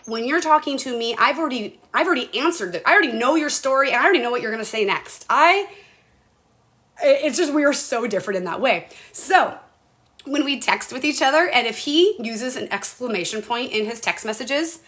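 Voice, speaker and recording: A woman's voice: high voice, lively intonation, fairly quick, a bit bright. Bubbly, chatty middle-aged woman on a live stream. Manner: chatty, bubbly, greets viewers by name. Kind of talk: casual live-stream chat. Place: at home.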